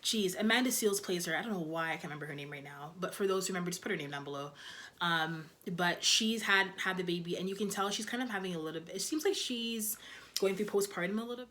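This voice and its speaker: A young woman reviews TV episodes in a chatty, loose way, filling her speech with lots of "like" and "you know." Her voice sits on the low side, with a quick pace and a sharp tone.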